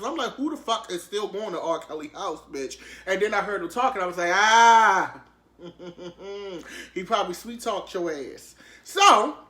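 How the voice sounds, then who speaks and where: A sassy, animated man riffs on the news in casual comedic commentary, cursing freely and jumping to shrieking highs. His voice is bright and edgy, and it bounces around an echoey room. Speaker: commentary vlogger.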